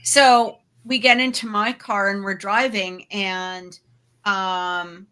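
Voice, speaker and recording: A woman's voice: mid-range voice, steady tone, takes it slowly, sharp tone, clean tone. A woman co-hosting a paranormal talk show, casually telling a personal story with lots of fillers and asides. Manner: chatty, full of fillers and asides; laughs readily while telling. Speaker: podcast co-host.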